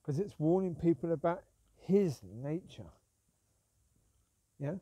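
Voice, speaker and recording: A man's voice: on the high side, animated, slow pace, warm tone, dry recording. A man talks casually about ministers and sin while out walking his dogs, rambling and breaking off to call to them. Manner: rambling, calls out to his dogs between points. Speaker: Christian talk vlogger. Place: outdoors on a walk.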